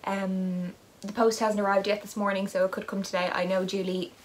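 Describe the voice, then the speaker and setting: A woman's voice: mid-range voice, flat delivery, fairly quick. A woman who hosts a knitting podcast, talking in a casual, rambling vlog with self-deprecating asides as she unboxes advent yarn. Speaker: knitting vlogger and podcast host.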